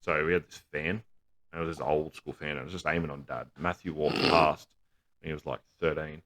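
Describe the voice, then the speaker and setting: A man's voice: extremely low pitch, steady tone, brisk, fairly bright tone. A man, co-hosting a podcast, telling crude jokes and family stories with plenty of swearing and laughter. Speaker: podcast co-host. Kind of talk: casual banter.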